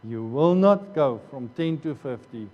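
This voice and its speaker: A man's voice: mid-range voice, animated, unhurried, highs cut off. A man preaching a sermon as pastor, earnest, often repeating phrases and restarting. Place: church hall. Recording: long church hall reverb.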